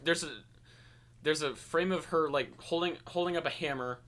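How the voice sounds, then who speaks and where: A man's voice: fairly high pitch, moderate pace, a bit bright. A man co-hosting a casual movie review chat, rambling and stumbling over his words. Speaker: podcast co-host.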